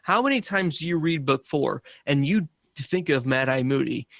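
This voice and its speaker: A man's voice: medium pitch, lively intonation, normal speed, creaky, fairly bright tone, dry recording, studio quality. A man co-hosting a fan podcast in casual chat, enthusiastic and laughing often. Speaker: podcast co-host.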